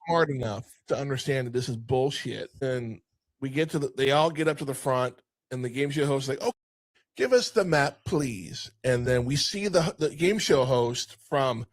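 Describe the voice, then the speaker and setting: A man co-hosting a casual film review podcast, retelling scenes in an animated way with lots of swearing. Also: medium pitch, moderate pace, no room sound. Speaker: podcast co-host.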